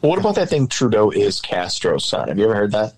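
Male co-host, playful and teasing, low voice with lots of swing. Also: very animated, quick pace. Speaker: podcast co-host. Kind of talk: casual chat.

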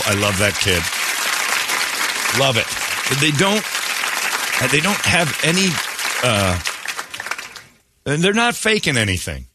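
Low, bright-voiced man telling a story on radio. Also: no echo. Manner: animated storyteller, acts out quotes in raised voices. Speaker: radio show host. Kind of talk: casual morning radio banter.

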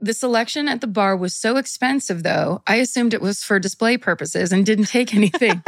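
A woman's voice: medium pitch, brisk, no room sound. A woman co-hosts a podcast, reading a listener's story aloud in a chatty, playful way. She breaks into laughter often. The mic is close and dry, with no room sound. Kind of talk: casual chat, reading a listener letter aloud.

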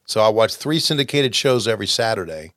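A man's voice: on the low side, animated, brisk, a bit bright, no echo, clean studio sound. A man in his fifties co-hosting a casual chat and reminiscing in an easygoing way. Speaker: podcast co-host.

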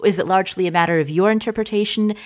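A woman co-hosting a podcast, asking measured, thoughtful questions. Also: medium pitch. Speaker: podcast co-host.

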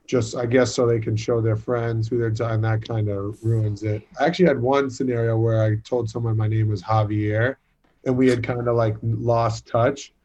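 A man's voice: mid-range voice, little pitch movement, moderate pace, a little mellow. A young man from Boston, a basketball player, chatting as a podcast guest and telling jokey stories. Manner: joking, storytelling. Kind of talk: casual podcast chat. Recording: dull lo-fi sound with faint noise.

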